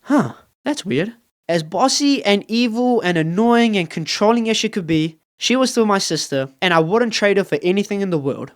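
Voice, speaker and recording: Lively young male storyteller. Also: high voice, fairly quick, few pauses. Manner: playful, wry, self-mocking. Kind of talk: comedic storytime narration.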